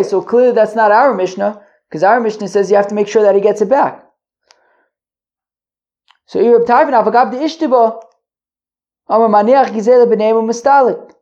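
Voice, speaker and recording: A woman's voice: fairly high pitch, darkish tone. A woman hosting a casual Talmud study lesson, reasoning aloud, restarting her sentences and checking that listeners follow. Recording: dull lo-fi audio.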